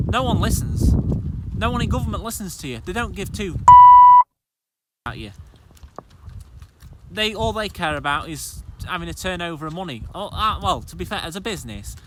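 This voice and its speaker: A man's voice: sits high, background noise. A man from the UK, a farmer vlogger, ranting bluntly to camera and repeating himself as he gets frustrated. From United Kingdom. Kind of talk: casual talking-to-camera rant.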